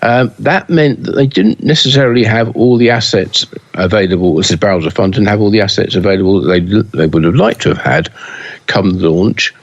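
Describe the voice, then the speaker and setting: A man with a very low voice co-hosts a casual pinball podcast. He talks hesitantly, full of fillers and false starts. The audio is dull and lo-fi. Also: fairly quick. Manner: hesitant, many fillers and restarts. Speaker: pinball news podcast co-host.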